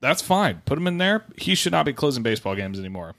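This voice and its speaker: A man's voice: medium pitch, very animated, fast, vocal fry, fairly bright tone. Emphatic man, sports talk. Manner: emphatic, swears, repeats for stress. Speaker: podcast co-host.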